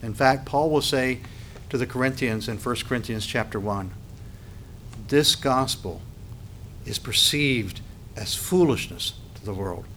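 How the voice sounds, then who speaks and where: A man delivers a sermon as a pastor. His voice sits mid-range and conversational, then climbs high and loud when he reads scripture. A faint rumble runs under the recording. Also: a little slow. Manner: rises sharply in pitch and volume when reading scripture.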